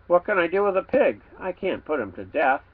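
A man, the author, reading his children's storybook aloud with playful, expressive delivery. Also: a little high, fairly quick, slightly rough, phone-quality sound.

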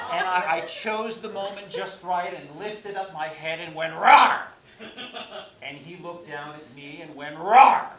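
A man telling a personal story on stage to a live audience, wry and self-mocking, with dramatic pauses and small restarts. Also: fairly high pitch, a bit bright, echoey room, distant mic, slight background noise, rough recording. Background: audience laughter.

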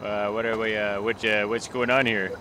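A man's voice: lowish voice, level tone, normal speed, background noise, lightly acted. A man voicing a folksy, easily flustered male gas station clerk in a game role-play. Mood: shaken, queasy.

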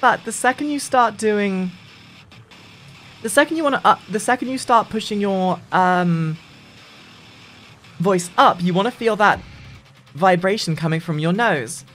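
A gaming streamer giving a casual voice-training tutorial in a lively, sing-song way, often restarting sentences. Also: unhurried, pauses often, slight background noise. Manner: lively, sing-song delivery with frequent restarts, dropping into deep demo voices.

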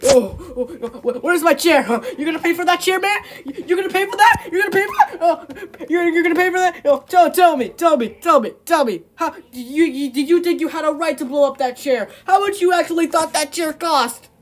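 A woman with a high voice improvises a comic role-play over chat. She talks frantically, breaking into yells and laughter. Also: lively intonation, fairly quick, few pauses.

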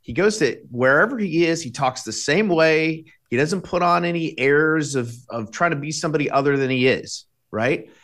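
A middle-aged man speaking as a guest commentator on a talk show, measured and halting, with frequent restarts. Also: a little high, lively intonation, a bit bright. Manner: measured, with many restarts and fillers. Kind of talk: casual political commentary.

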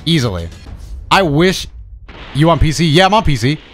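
A young man streaming a video game, talking to himself in excitable, profane commentary. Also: a little high, normal speed, faint music behind. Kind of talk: casual gameplay commentary.

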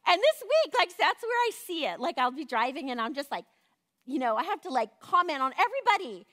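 A high-voiced woman leads a Bible study in a loose, conversational teaching style. She talks with animation and keeps checking in with her listeners. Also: fairly quick. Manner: conversational, animated, often asks "right?". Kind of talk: casual teaching.

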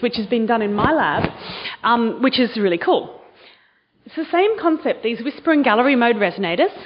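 Enthusiastic woman lecturer, higher voice. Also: highs cut off. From Australia. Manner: enthusiastic, quizzes the audience. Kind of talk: university lecture to students. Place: lecture hall.

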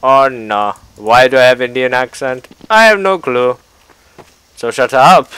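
Excitable young man with bright voice. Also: medium pitch, unhurried, clean tone, no echo. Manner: excitable, yelps and laughs at the game. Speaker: gameplay youtuber. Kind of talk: gaming commentary. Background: gunfire from the game.

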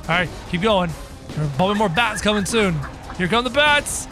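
Excitable high-voiced man gaming commentator. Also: fairly quick, soft background music. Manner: excitable, yelps and shrieks in fright, talks to viewers. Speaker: gaming channel host.

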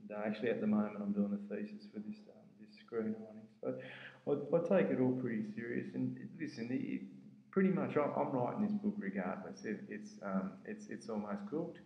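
A man with an Australian accent telling a story in a rambling, halting way, using slang like mate. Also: fairly low pitch, gravelly. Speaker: jiu-jitsu fighter and writer. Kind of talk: casual anecdotal storytelling. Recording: very echoey, dull lo-fi sound.

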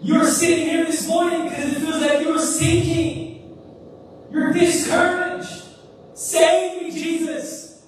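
A male pastor preaching an energetic sermon with call-and-response, exclamations, and swings from shouts to hushed lines, in a church sanctuary. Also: extremely high pitch, a little slow. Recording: echoey church hall, distant mic, noisy.

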